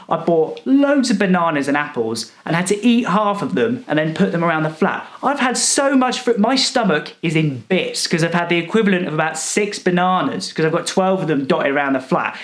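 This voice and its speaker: A man's voice: high-pitched, echoey room. A man telling a comic story as a rude, boastful character, sarcastic and fed up. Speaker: comedic storyteller.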